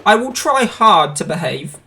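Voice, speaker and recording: A man voicing a proud young red engine who is sulky at times and determined at others, speaking in a pleading, excitable way. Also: high-pitched, a little slow, creaky, pitched above the performer's own voice, full character voice. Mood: apologetic.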